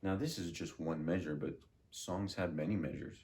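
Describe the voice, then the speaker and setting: A man's voice: low voice, fairly even intonation, darkish tone, slight background noise. A man teaching a music lesson, patiently drilling rhythms and asking questions. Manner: slow, patient, repeats and drills words.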